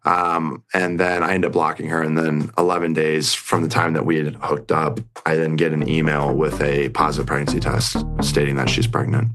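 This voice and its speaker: A man's voice: sits low, steady tone, a little fast, fairly bright tone. A young man, an interview guest, retelling a story in a rambling way full of fillers and quoted lines.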